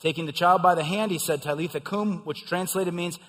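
A middle-aged man preaching a sermon, swelling into emphatic passages and then dropping quiet and low. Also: brisk, long reverb tail. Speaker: pastor.

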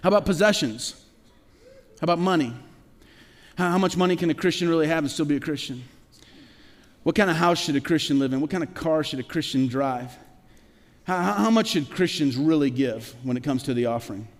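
High-voiced pastor preaching in a reverberant hall. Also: male voice, brisk, pauses often. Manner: conversational preaching with rhetorical questions and stammered restarts. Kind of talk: sermon. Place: church sanctuary. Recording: long reverb of a large hall.

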